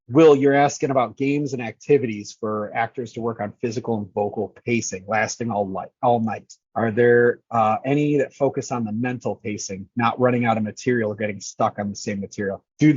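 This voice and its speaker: A man's voice: medium pitch, darkish tone, breathy edge, no echo, lo-fi sound. A man who manages scare actors, talking casually and energetically in an interview, swearing freely and acting out lines.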